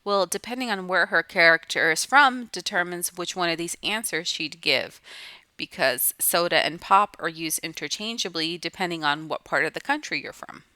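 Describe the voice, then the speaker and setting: A woman's voice: fairly low pitch, normal speed, sharp tone, no echo. A woman teacher giving a recorded lesson to students, explaining patiently and restating each point.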